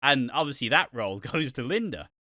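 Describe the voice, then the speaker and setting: A man's voice: mid-range voice, big pitch swings, fairly quick, sharp tone, no echo, clean studio sound. A man co-hosting a podcast in casual chat, candid and offhand with frequent swearing. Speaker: podcast co-host.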